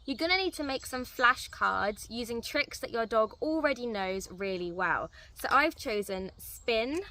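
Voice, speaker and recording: A woman dog trainer giving a clear, step-by-step tutorial outdoors. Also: fairly high pitch, expressive, a little slow, pushed and bright. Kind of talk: instructional tutorial. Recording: distant mic, faint outdoor noise.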